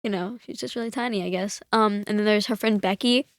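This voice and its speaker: Woman, casual chat, rambling, lots of fillers, mid pitch, dry sound. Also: fairly quick, dry recording. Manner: rambling, filler-heavy retelling. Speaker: podcast guest.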